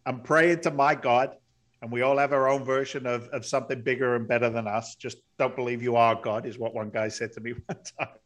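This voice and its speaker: A middle-aged man, a podcast guest, telling his life story earnestly, close to tears, breaking into loud excited bursts. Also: medium pitch, brisk. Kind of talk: emotional storytelling interview.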